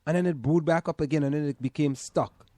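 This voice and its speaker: A man's voice: on the high side, fairly even intonation, fast talker, mellow, dry recording, studio quality. A man with a Trinidadian accent, co-hosting a casual chat podcast, insistent and full of stammering restarts. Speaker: podcast co-host.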